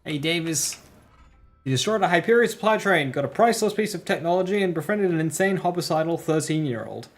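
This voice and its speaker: A man's voice: fairly high pitch, animated, fairly quick. A man giving casual, wry commentary while playing a video game, thinking aloud. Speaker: gaming video host.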